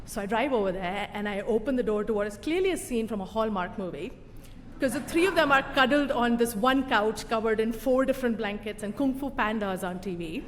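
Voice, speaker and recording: A young woman with a fairly high voice tells a personal story live on stage, animated and self-mocking in a loose, conversational way. Her voice rings through a reverberant hall, with a faint hum of room ambience behind it. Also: brisk. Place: stage in a venue with a live audience.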